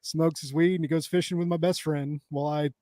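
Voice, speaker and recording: Lively man chatting, higher voice. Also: a little fast, dry recording, clean studio sound. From United States. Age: 30s. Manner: rambling, laughing, full of fillers and restarts. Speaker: co-host. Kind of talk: casual chat.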